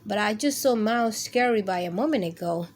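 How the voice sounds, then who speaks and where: A woman's voice: mid-range voice, expressive, normal speed, darkish tone, a little hiss or hum, natural voice. A woman voicing a small, helpful fly in a children's storybook.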